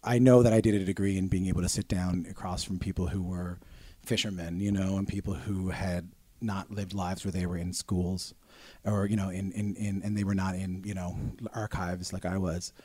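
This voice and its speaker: Man, chatty guest, profane, quick to laugh, dry studio sound. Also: low voice, slightly rough, no echo. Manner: swears freely, laughs a lot, animated storytelling. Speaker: podcast guest, radio interviewer. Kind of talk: casual chat.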